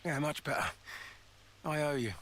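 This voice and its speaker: An actor playing a lively young male soldier who talks in an expressive, reactive way. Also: a little high, moderate pace, slight background noise, close to an everyday voice. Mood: weary. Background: game music.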